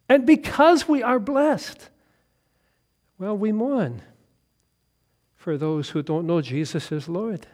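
A man preaching an evening sermon, swinging from loud emphatic lines to quiet hushed ones, laughing now and then and asking his listeners questions. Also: high-pitched. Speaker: pastor.

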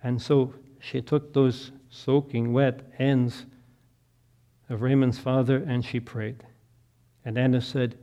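A middle-aged man preaching a sermon, telling a story that swells to loud, impassioned peaks and sinks back to soft, quiet prayer. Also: medium pitch, level tone, measured pace. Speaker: pastor.

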